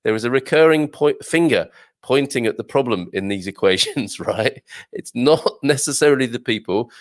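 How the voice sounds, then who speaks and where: This Birmingham man hosts a relaxed news chat for expats, reading viewer comments aloud with wry, exclamatory asides. His medium-pitched voice moves at a normal speed with lively intonation.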